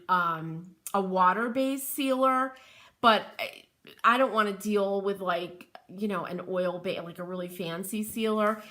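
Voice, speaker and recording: A woman's voice: mid-range voice, bright, forceful tone. A middle-aged woman from Connecticut with a Connecticut accent, hosting a live craft tutorial, chatting and laughing as she reads viewer comments aloud. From Connecticut, USA.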